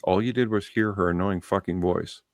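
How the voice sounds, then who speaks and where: A man's voice: sits low, moderate pace, no echo, clean studio sound. A man, hosting a podcast and telling a story in casual chat, blunt and full of swearing. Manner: blunt and profane, animated storyteller. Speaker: podcast host.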